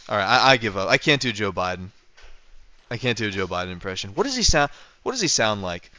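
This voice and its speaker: A man's voice: on the low side, very animated, quick pace, bright, forceful tone, dull audio. A man from North America chatting casually on a livestream, rambling with lots of fillers and restarts. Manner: rambling, full of fillers and restarts, chuckling often. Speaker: streamer.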